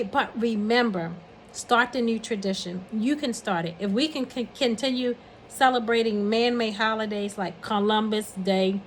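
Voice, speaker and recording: A woman's voice: mid-range voice, slight background noise, rough recording. Earnest older woman giving encouragement. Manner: earnest, encouraging, counts off numbered points. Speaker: speaker giving a message of encouragement. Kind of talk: heartfelt spoken message.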